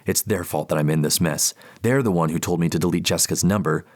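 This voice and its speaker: A man's voice: deep voice, quick pace. A man narrating a first-person audiobook in a tense, panicked inner voice.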